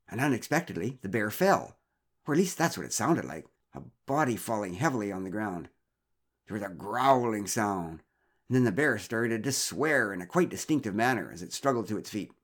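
A man calmly narrating a first-person story in a measured, wry way. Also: fairly low pitch.

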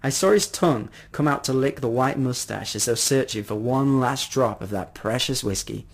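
A man narrating a first-person story in an expressive reading voice. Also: mid-range voice, normal speed, gravelly, husky.

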